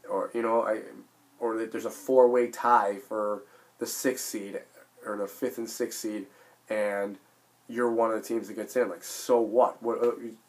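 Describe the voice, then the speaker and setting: A hoarse man in his late twenties, his voice worn down by illness, rambles through a casual sports vlog. He talks in a slightly low register, emphatic and eager, stumbling and restarting as he piles one thought onto the next. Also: little pitch movement, measured pace. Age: late 20s. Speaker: sports vlogger.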